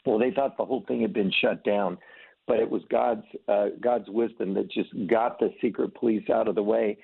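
Gravelly-voiced man on a phone line. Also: fairly low pitch, steady tone, normal speed, dry recording. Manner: earnest storyteller, acts out voices in anecdotes. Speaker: ministry leader. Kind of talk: conversational testimony.

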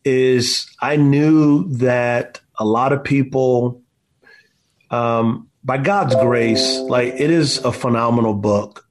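A medium-pitched man in his forties speaks slowly over loud music, appearing as an author and guest in an interview. He tells impassioned stories in an emphatic, preacher-like way, often saying "man".

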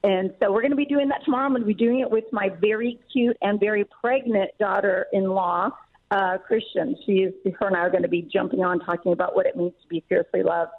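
A middle-aged woman author, a guest in an interview, talking in an emphatic, earnest way with quick laughs. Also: mid-range voice, fairly even intonation. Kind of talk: casual interview talk. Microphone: phone call. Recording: tinny phone line.

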